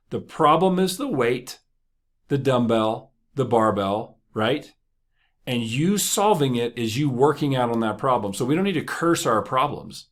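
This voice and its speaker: A man hosting a motivational podcast, talking casually and joking as he tells stories. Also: mid-range voice. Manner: conversational, joking, laughs often. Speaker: podcast host.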